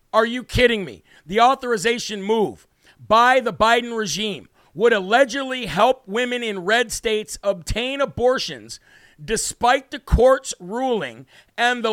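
A man's voice: very high voice, a bit bright, clear, resonant tone, dry recording, studio quality. A man hosting a live political talk show, brash and combative, with mocking asides to viewers. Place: home studio.

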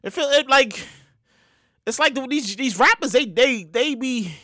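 A man giving casual news commentary in an animated way, swearing, stammering and restarting, with sudden loud mock exclamations. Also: very high voice, measured pace, no room sound, clean studio sound.

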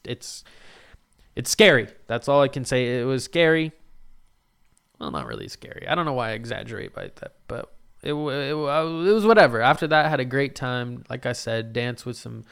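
A man's voice: mid-range voice, gravelly, clear, resonant tone. A young man casually recounting a night out, swearing freely and acting out what people said. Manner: animated, swears a lot, acts out quotes. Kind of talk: casual storytelling monologue.

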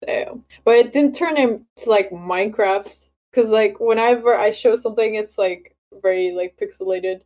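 A woman in a casual podcast chat, excitable and quick to swear and laugh. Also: medium pitch. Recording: dull lo-fi mic.

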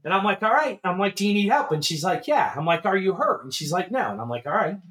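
A middle-aged man co-hosting a casual show, telling a long story in an animated way, swearing and laughing as he goes. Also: sits high, fast talker. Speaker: podcast co-host.

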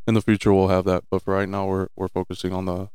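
Young man, 20, low voice, clean dry close sound; easygoing guest, stumbles and repeats words. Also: quick pace, clean tone, no echo. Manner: relaxed, repeats words and restarts often. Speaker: business owner guest. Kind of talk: casual interview.

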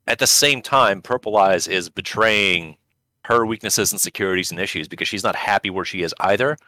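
Bright, animated man podcasting. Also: a little fast, dry recording. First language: not English. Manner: animated, jumps into high excited pitch when emphasizing. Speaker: podcast co-host. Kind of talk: casual chat.

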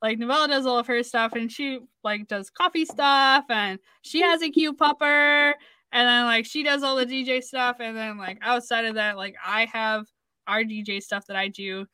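Bright high-voiced woman rambling, giggly. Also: fairly even intonation, moderate pace, clear, resonant tone, no echo. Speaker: co-host of a music radio show. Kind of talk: casual chat.

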